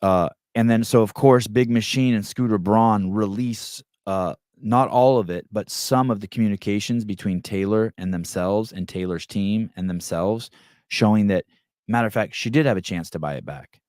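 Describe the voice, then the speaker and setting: A man's voice: lowish voice, normal speed, a little mellow, dry recording, clean studio sound. A man hosting a podcast, retelling a story in a loose, rambling way with many restarts. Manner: rambling, restarts often, acts out quotes. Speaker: podcast host. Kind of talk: casual monologue.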